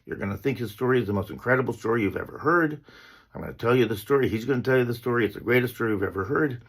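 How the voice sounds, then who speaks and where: A man's voice: mid-range voice, lively intonation, racing, breathy edge. A man putting on the voice of a brash, boastful older stand-up comedian with a punchy, self-assured delivery. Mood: salesy.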